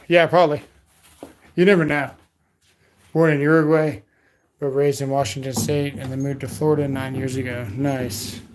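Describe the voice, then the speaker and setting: This livestream host, a man from Bermuda whose accent carries a Texas country twang, casually reads viewer comments and responds loosely with jokes. His voice is mid-range, with a little hiss or hum in the audio.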